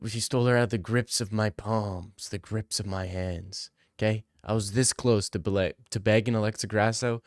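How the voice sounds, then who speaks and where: Answering his chat on a casual livestream, a young male host reads each viewer question out loud before riffing on it, joking and slangy throughout. His voice is fairly low and clean in tone, with clean studio sound and no room noise.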